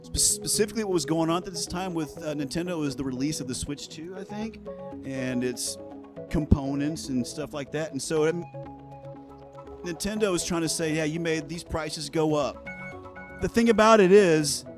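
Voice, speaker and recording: A man's voice: a little high, moderate pace. Heated, sarcastic male news commentator who swears freely, with music playing under him. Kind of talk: ranting casual commentary.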